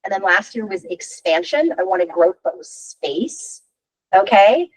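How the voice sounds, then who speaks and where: Woman, 50s, workshop coach, husky, animated pitch, frank, chatty. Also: unhurried, poor audio. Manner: chatty, with frequent rhetorical "right?". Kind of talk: workshop talk.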